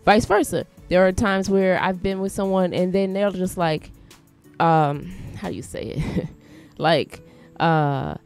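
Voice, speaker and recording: A woman's voice: lowish voice, unhurried, a little mellow. Woman on a talk show, blunt and insistent, keeps explaining her point, faint music behind. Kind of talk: casual talk show conversation.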